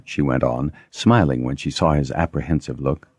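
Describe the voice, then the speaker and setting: A man's voice: moderate pace, hardly any pauses, slightly rough, dry recording, clean studio sound. A man narrating a fantasy audiobook and giving each character a voice of its own. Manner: voices many characters with lively pitch shifts.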